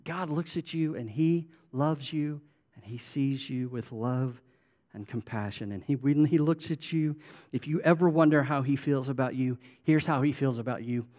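A man preaching a sermon as a pastor, moving from emphatic declarations to a quiet, intimate prayer voice. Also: medium pitch, moderate pace, muffled recording.

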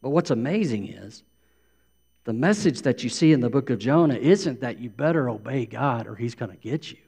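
Emphatic preacher in a reverberant hall. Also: male voice, medium pitch, expressive, normal speed, gravelly, darkish tone, husky. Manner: emphatic, repeats phrases for effect. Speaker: pastor. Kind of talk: sermon.

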